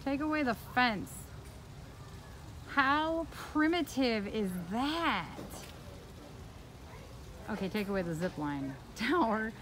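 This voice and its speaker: With a fairly high, bright voice full of big pitch swings, this woman takes it slowly and pauses often, and a little hiss or hum sits under the audio. She is a travel vlogger doing a casual, bubbly walk-through of a theme park outdoors, chatting and cooing at animals along the way.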